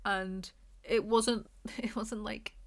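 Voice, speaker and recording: A woman's voice: mid-range voice, flat delivery, takes it slowly, no room sound. Chatty British woman reviewing a book. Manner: chatty, rambling, sarcastic asides. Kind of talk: casual book review commentary. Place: hotel room.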